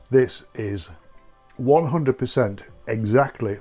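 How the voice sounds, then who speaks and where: A man talks through a casual food taste-test vlog in an ordinary mid-pitched voice. His delivery is chatty and rambling, full of ums and uhs. Faint music plays quietly behind him. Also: measured pace, gravelly, breathy edge. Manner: chatty and rambling, with many fillers. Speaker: food vlogger.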